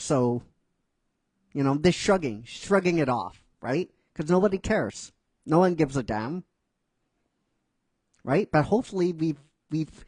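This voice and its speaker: A man's voice: a little high, dry recording. A man casually narrating his own script, rambling and hesitant, with fillers and self-corrections. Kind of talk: casual storytelling.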